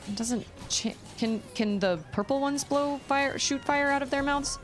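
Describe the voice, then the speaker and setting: A woman's voice: high voice, little pitch movement, moderate pace, few pauses, faint music behind. A woman streaming a video game, chatting in a rambling, exclamatory way while she plays. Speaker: gaming streamer. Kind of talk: casual chat while playing.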